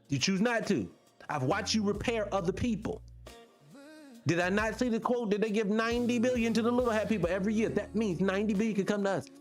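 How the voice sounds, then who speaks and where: A man hosting a live online show, fired up and profane as he talks straight to his viewers. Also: high voice. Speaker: show host. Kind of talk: livestream commentary rant.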